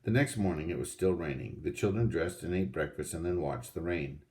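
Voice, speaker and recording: A man reading a children's storybook aloud in a steady, unhurried way. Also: sits low. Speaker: audiobook reader.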